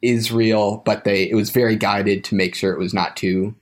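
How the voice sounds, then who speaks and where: This young man's podcast storytelling is conversational and halting, full of restarts and trailing phrases. His voice sits on the low side, with a steady tone and moderate pace.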